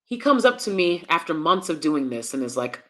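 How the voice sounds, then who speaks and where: A woman's voice: low-pitched, sing-song, moderate pace. Blunt, profane woman vlogger. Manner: calls herself loud. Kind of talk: personal storytelling rant.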